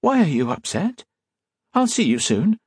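A man's voice: unhurried, slightly rough, no room sound, clean studio sound, full character voice. A man doing an eager sheltered young boy. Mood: anxious. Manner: excited, earnest, high voice.

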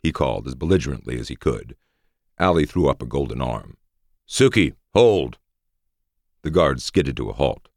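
A male audiobook narrator with an extremely deep, gravelly voice tells the story steadily. His intonation moves a lot, and the sound is close and dry. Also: expressive, brisk, no room sound.

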